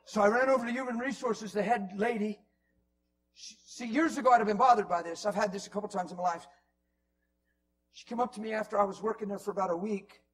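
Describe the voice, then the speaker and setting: A man preaching in a church, telling stories in a Q&A session, going from loud to hushed whispers. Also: high voice, fast talker, low-quality recording. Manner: animated storyteller, swings from loud to hushed whispers. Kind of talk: Q&A teaching with storytelling.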